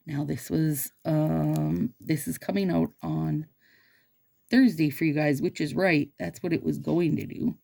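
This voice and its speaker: A woman's voice: deep voice, gravelly, dark tone. A woman vlogging about her nails, chatting casually and bubbly, talking straight to her viewers. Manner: bubbly, chatty, addresses viewers as "you guys". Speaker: nail stylist vlogger.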